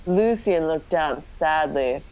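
A woman's voice: deep voice, expressive, slow pace, darkish tone. A woman podcast host doing a comic dramatic reading of a story, often breaking into laughter as she reads.

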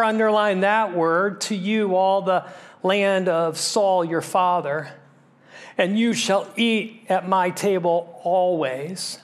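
A man with a fairly high voice preaches a sermon at an unhurried, deliberate pace. He builds emphasis through repeated phrases and at times drops almost to a whisper. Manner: emphatic preaching, dropping to a hush for key lines. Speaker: pastor.

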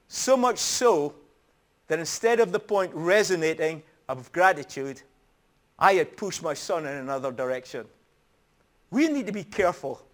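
High-voiced earnest male preacher. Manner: earnest storytelling, emphatic. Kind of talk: sermon.

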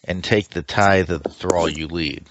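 A man's voice: low voice, steady tone, unhurried, a bit bright. A man voicing a ruthless male alien king who lays down harsh law in a commanding, declaiming way. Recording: dull lo-fi mic with faint hiss.

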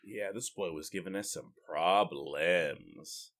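A man co-hosting a gaming podcast, telling stories in an animated, jokey way. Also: low-pitched, takes it slowly. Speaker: podcast co-host. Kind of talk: casual chat.

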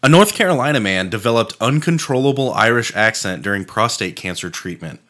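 A man's voice: medium pitch, lively intonation, brisk, a bit bright. A man co-hosting a casual podcast chat, rambling, swearing and laughing often. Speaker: podcast co-host.

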